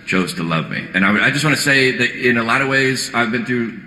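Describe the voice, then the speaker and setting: A man's voice: medium pitch, animated, brisk. A man doing stand-up comedy on a live stage, rambling and self-deprecating, with stumbling restarts. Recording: echoey hall with loud ambience.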